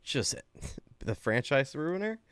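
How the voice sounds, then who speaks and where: A man's voice: medium pitch, big pitch swings, slow, dry recording. Laughing, profane podcast guy. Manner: laughs a lot, loud and profane. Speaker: podcast co-host. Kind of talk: casual chat.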